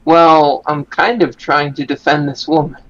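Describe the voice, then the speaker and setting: A man playing in a tabletop game who speaks slowly and hesitantly. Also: fairly high pitch, fairly even intonation, creaky, fairly bright tone, highs cut off. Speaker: player. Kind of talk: casual tabletop play.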